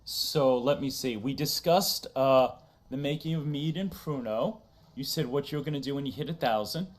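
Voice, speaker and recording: A man's voice: mid-range voice, normal speed. A man hosting a casual livestream chat, talking loosely, laughing often and reading chat messages aloud. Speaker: streamer host.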